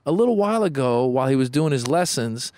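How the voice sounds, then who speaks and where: A man's voice: medium pitch, fast talker, dry recording. A man in his thirties chatting casually as a podcast co-host, acting out quotes as he tells stories. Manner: animated storyteller, acts out quotes. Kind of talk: casual chat.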